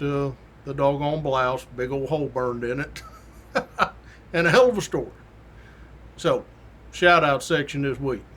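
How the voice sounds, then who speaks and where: Middle-aged male host, folksy storyteller, slightly high voice, plays the people in his stories. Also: a bit bright. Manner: folksy, acts out quoted voices with rising pitch. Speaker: podcast host, retired state trooper. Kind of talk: casual storytelling monologue.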